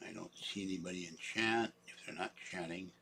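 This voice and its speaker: A man's voice: low-pitched, steady tone, fairly quick, vocal fry, sharp tone, slight background noise. An older man rambling in a casual livestream from his home computer, wandering between stories with a self-mocking manner. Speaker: livestream host.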